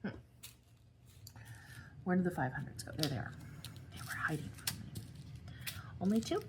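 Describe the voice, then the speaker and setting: A young adult woman chatting casually while she crafts, tired and rambling, with yawns and soft asides. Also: lowish voice, big pitch swings, normal speed, noisy background. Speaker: crafting vlogger.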